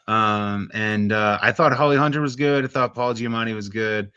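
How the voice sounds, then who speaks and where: A man's voice: on the low side, moderate pace, pushed and bright, smooth, dry recording, lo-fi sound. A man co-hosting a podcast in casual chat, blunt and profane, rambling with lots of fillers. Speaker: podcast co-host.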